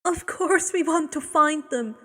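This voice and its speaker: An imploring green-eyed woman, her voice raised and lifted high as she pleads, played by a woman reader. A long reverb trails behind every word. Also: slow pace, husky, heavily acted. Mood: pleading.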